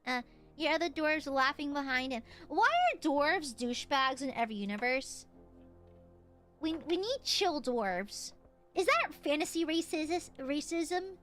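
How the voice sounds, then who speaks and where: A woman's voice: high-pitched, very animated, a little slow, a bit bright, soft background music. A woman streaming a video game, chatting casually in a playful, crude way and laughing often.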